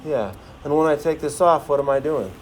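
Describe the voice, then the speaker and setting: Running a demonstration in his science class, a man jokes and rapidly quizzes the students with many questions. His pitch is fairly high, his pace fairly quick, and there's a little hiss or hum.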